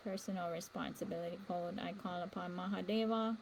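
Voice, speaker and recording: A woman's voice: lowish voice, fairly even intonation, a little fast, creaky, slight background noise, rough recording. A woman hosting a spiritual livestream, talking earnestly and rambling with fillers. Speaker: livestream host. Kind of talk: casual spiritual talk.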